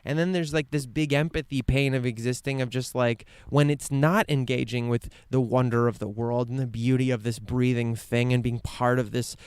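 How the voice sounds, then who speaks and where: Man, podcast host, smooth resonant voice, dry close sound, rambling, earnest, swears a lot, outdoors. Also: mid-range voice, steady tone, normal speed, few pauses, darkish tone, no room sound. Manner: rambling and earnest, heavy use of "like", frequent swearing. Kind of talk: casual reflective monologue. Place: outdoors in a quiet grassy meadow.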